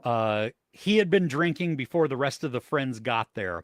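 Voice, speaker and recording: A man chatting casually on a film podcast, his speech meandering and full of fillers. He sits at a middle pitch, and the room sounds dry and close to the mic. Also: expressive, normal speed, no room sound. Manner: rambling, many fillers and restarts. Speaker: podcast host. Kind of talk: casual chat about movies and shows.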